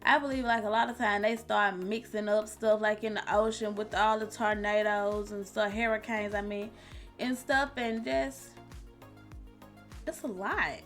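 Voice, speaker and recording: A woman's voice: medium pitch, steady tone, a little slow, a bit bright, faint music behind. A woman streamer giving casual, blunt and exasperated commentary in colloquial speech. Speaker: reaction streamer.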